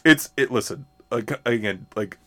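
A man's voice: mid-range voice, normal speed, fairly bright tone. A man co-hosting a podcast, chatting casually about movies in a rambling way, full of fillers and restarts. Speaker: podcast co-host.

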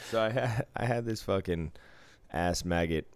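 A man's voice: sits low, clean tone. A middle-aged man, a casino dealer, chatting casually and telling a profane work story, acting out both sides of an argument. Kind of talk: casual podcast chat.

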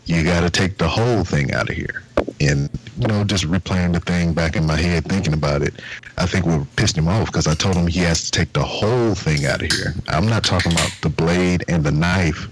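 A man with a very low voice tells a story from his job in a laid-back, profane way. He keeps dropping into the voices of the people involved. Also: a little fast, a little hiss or hum, poor audio. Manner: laid-back, profane, acts out the exchange in quotes. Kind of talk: casual storytelling with swearing.

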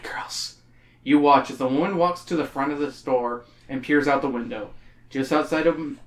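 A man reading a choose-your-own-adventure book aloud to friends, animated and tossing in joking asides. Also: medium pitch. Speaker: game reader. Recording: roomy echo.

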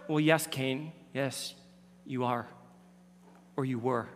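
A man preaching a sermon as pastor, swinging from loud emphatic lines down to hushed near-whispers. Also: medium pitch, steady tone, slow, pauses often. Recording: reverberant hall.

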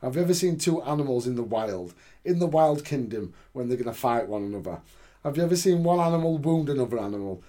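A man's voice: mid-range voice, lively intonation, fast talker, warm tone, natural voice. A man quoting a domineering boss. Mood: stern. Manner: stern, lecturing. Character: domineering older male boss laying down the law.

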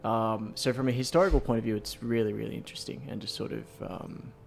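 A man's voice: fairly low pitch, steady tone, fast talker, vocal fry, slight background noise. A man co-hosting a casual chat, rambling with lots of fillers and restarts. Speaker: podcast co-host.

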